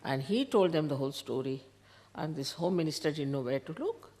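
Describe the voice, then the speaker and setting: A woman's voice: low-pitched, a little fast. An older woman with an Indian accent, a spiritual teacher telling a story to followers and acting out each person's lines. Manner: animated retelling, quoting others in dialogue. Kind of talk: storytelling talk. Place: ashram hall.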